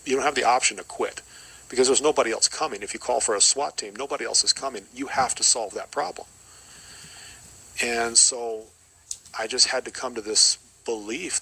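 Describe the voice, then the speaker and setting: Middle-aged man, bright forward voice, earnest testimony, reflective, repeats short phrases. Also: medium pitch, slightly rough, low-quality recording. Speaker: podcast guest. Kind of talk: personal testimony.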